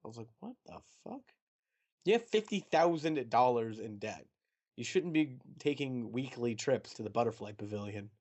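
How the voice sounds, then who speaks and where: A young man in a relaxed podcast conversation, with a middling pitch. He talks in a chatty, animated way. He slips easily into mocking asides. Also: moderate pace. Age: young adult. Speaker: podcast co-host. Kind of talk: casual chat.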